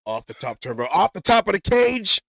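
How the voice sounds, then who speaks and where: A man's voice: high-pitched, sing-song, brisk, creaky, a crowd in the background. A man hosting a casual sports talk show, rambling and often stumbling and correcting himself. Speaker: podcast host.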